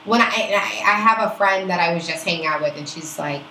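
A woman talks in an easy, unfiltered way as a podcast co-host, speaking bluntly and swearing freely. Her voice has a bright, forceful edge, and the room around her rings with echo. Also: on the low side, fairly quick, hardly any pauses, slight background noise. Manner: blunt, profane, emphatic. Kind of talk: casual chat about astrology. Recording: roomy echo.

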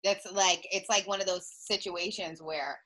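A young woman in casual reality-TV chat, blunt and animated, swearing freely and mimicking people. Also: lowish voice, measured pace.

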